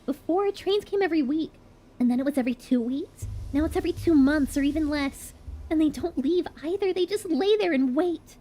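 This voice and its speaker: A woman's voice: high voice, fairly quick, dark tone, pitched above the performer's own voice, lightly acted. A woman voicing an earnest small-town child with a naive, singsong way of talking.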